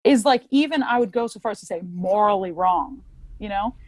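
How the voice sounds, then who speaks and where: A woman who sings opera speaks candidly in an interview, reflective and earnest, with lots of "like" fillers. Her mid-range voice has lively intonation and a fairly quick pace, and the recording is dry.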